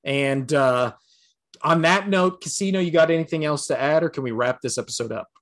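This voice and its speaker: A man's voice: fairly high pitch, brisk, a bit bright. A man co-hosting a casual sports podcast, ranting bluntly with lots of swearing and laughter. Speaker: podcast co-host.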